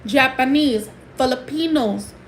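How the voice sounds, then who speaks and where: A woman's voice: sits high, a little slow, a little hiss or hum, poor audio. Heated Puerto Rican woman ranting on a livestream. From Puerto Rico. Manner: heated, emphatic, switching between English and Spanish. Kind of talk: casual livestream rant.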